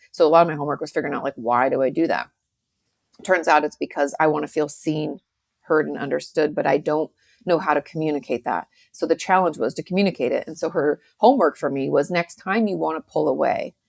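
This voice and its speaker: A woman's voice: low voice, gravelly, darkish tone. A woman who is a guest author, talking casually in a podcast conversation, chatty with many fillers and acted-out quotes.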